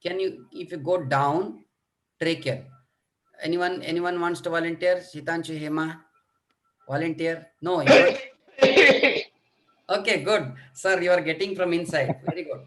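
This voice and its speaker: A man's voice: on the high side, steady tone, moderate pace. A middle-aged man lecturing on children's coughs in an online medical workshop, demonstrating coughs and talking with many fillers. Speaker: pediatric lecturer.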